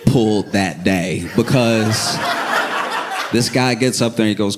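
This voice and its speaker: A man doing stand-up, telling a story calmly and dryly and building to punchlines. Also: fairly low pitch, measured pace. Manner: calm, dry, building to punchlines. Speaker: stand-up comedian. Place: comedy stage. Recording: live stand-up recording with noise.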